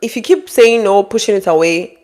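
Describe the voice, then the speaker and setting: Animated woman giving blunt advice. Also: a little fast. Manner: animated, acts out quotes in high mock voices, scolding. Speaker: relationship advice creator. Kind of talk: direct-to-camera advice monologue.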